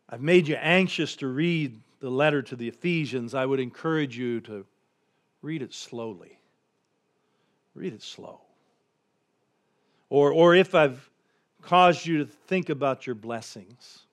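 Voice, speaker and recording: Speaking in a mid-range voice, the male pastor offers a contemplative sermon. Quiet, hushed stretches recur, and he tells a funny story whose intensity keeps rising.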